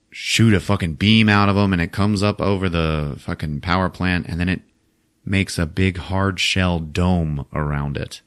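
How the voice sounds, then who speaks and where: Deep-voiced man recapping a movie casually. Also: fairly bright tone, clean tone. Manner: loose, profane storytelling with frequent laughs. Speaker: podcast host.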